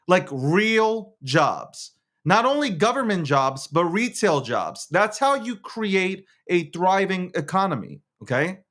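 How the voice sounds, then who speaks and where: On his show, a male host rants casually about politics, swearing, laughing often, and restarting his words. His voice sits high with a fairly bright tone.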